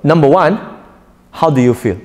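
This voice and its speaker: A man's voice: on the high side, expressive, normal speed, darkish tone, long reverb tail. A man teaching a live audience in an interactive lecture, joking often and quizzing listeners. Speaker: preacher teaching a workshop.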